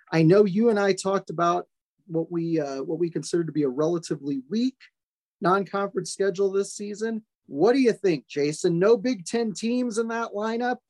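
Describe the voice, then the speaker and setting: A man hosting a podcast, making his points in a measured, deliberate way and stressing his caveats. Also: high-pitched, darkish tone, dry recording. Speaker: podcast host. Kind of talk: casual sports chat.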